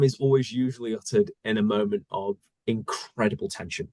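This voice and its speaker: A man talks through his thoughts at an easy pace, often stopping to find the right word. His voice sits a little low. The recording is dry, with no room sound. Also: darkish tone, no room sound. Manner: thoughtful, searching for words with many pauses. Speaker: voice actor. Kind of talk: casual conversation.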